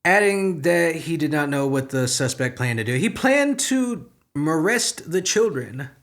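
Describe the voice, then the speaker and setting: A man's voice: fairly high pitch, sing-song, measured pace, a bit bright. A young man hosting a comedy podcast, reading news stories aloud and breaking off into profane, sarcastic, exasperated commentary. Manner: sarcastic, exasperated, swings between muttering and outbursts.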